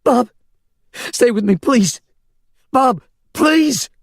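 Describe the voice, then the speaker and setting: A man reading the part of a young woman in a crisis, shouting and pleading at a raised pitch. She is foul-mouthed and desperate, and the audiobook recording is dry and close. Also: lively intonation, brisk, no room sound. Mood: frantic shouting.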